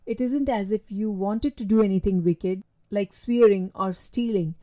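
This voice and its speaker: A woman voicing a timid, gentle young boy who speaks softly and wistfully in a storybook reading. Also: medium pitch, natural voice. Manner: soft and wistful.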